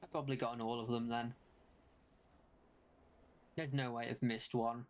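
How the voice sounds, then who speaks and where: A mid-pitched young adult streamer mutters through live gameplay with little pitch movement, rattling off the same spell call again and again. Their sentences nearly always lift at the end as though asking a question.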